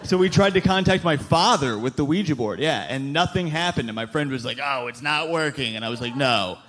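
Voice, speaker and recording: A young man delivers a stand-up set in a wry, sarcastic tone, talking into a handheld mic. His pitch bounces around a lot and sits a little high. Big audience laughter and club noise fill the room around him. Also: expressive, quick pace, a bit bright. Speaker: stand-up comedian. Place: comedy club stage. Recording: live broadcast set with crowd laughter.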